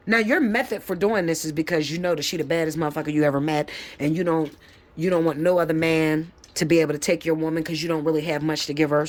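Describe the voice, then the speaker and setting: A woman giving a live tarot reading, lecturing her viewers bluntly and with plenty of swearing. She turns emphatic and leaps up high when she gets fired up. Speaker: tarot reader.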